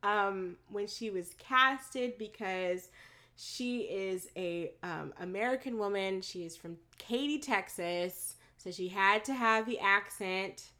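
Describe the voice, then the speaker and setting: A woman's voice: medium pitch, slow, pushed and bright. A woman co-hosting a podcast in casual chat, laughing often and telling stories with animation. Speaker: podcast co-host.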